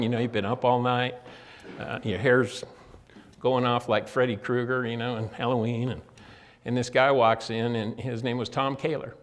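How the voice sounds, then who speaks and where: A man's voice: medium pitch, a little hiss or hum. Older man telling folksy recovery stories. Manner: folksy storytelling, acts out quoted dialogue; direct address to listeners. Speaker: guest speaker. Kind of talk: motivational talk to inmates. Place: prison meeting room.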